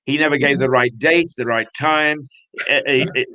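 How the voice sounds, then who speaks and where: A male host with a bright, forceful tone interviews a guest on a magazine show. He talks in a jovial, halting way and stops and restarts his sentences often. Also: mid-range voice, rough recording. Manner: hesitant, many fillers and restarts, jovial.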